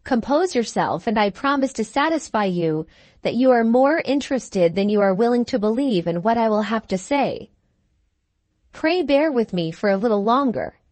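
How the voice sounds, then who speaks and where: A woman voicing a wronged young woman who speaks gently, steadily and firmly. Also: a little high, lively intonation, normal speed, dry recording, close to an everyday voice. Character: wronged young woman, calm, patient and firm.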